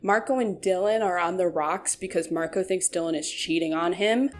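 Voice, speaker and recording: A woman's voice: fairly low pitch, normal speed, music in the background. Sarcastic young woman recapping a show. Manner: sarcastic, joking, chatty. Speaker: YouTube commentator. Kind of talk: casual recap commentary.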